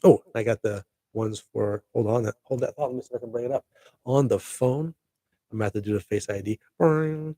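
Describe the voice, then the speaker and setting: A man's voice: medium pitch, a little fast, dark tone, dry recording. A middle-aged man hosting a casual live podcast stream, rambling upbeat to his viewers. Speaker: podcast host.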